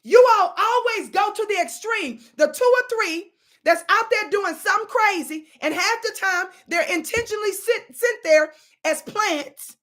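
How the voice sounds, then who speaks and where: A woman's voice: extremely high pitch, moderate pace, a bit bright. A woman giving sassy, scolding commentary on video clips, full of dramatic asides. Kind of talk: animated commentary chat.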